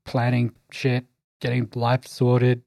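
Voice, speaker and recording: A man rambles in a laid-back way, swearing freely as he chats. His pitch is mid-range and the sound is dry and close. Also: completely flat delivery, slow pace, gravelly, a little mellow, no room sound. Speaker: podcast regular, game player. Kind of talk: casual podcast chat.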